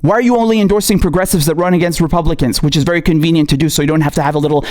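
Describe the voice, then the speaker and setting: A man's voice: on the high side, rapid-fire, darkish tone. A male political commentator ranting angrily, swearing often and firing off rhetorical questions. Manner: angry, profane, hammering rhetorical questions.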